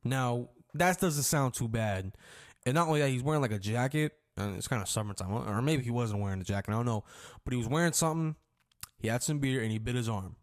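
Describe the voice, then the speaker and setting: A young man talks through a story time in a loose, rambling way, full of slang and cursing. His voice sits at an ordinary middle pitch. Now and then he breaks into loud, acted-out shouts when quoting people. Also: a little fast. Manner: rambling, slangy, swearing freely. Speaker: storyteller vlogger.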